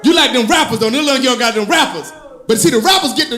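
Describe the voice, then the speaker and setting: Male stand-up comic, very high and lively, sing-song storyteller who laughs along at his own lines. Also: fast talker. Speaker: stand-up comedian. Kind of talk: stand-up comedy set. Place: comedy club stage.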